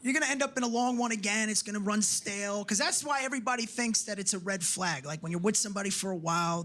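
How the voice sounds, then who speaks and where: A man's voice: sits high, bright, forceful tone. A man doing a stand-up comedy set, telling profane stories and acting out the dialogue himself. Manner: profane, storytelling, acts out dialogue. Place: comedy club stage.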